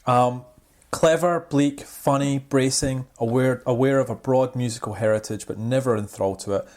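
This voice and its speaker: A man's voice: medium pitch, steady tone, moderate pace, a little mellow. A man co-hosting a casual podcast, teasing his co-host with dry questions.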